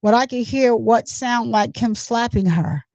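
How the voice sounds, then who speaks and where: A woman's voice: fairly high pitch, unhurried, a little mellow, no room sound. A woman reading the lines of a male witness in court, recounting events with plain, hesitant speech. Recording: dull lo-fi, dry.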